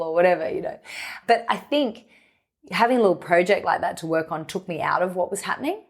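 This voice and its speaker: A woman's voice: deep voice, quick pace. A woman, a podcast guest talking openly and reflectively in long, flowing runs. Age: 30s. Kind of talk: candid conversational interview.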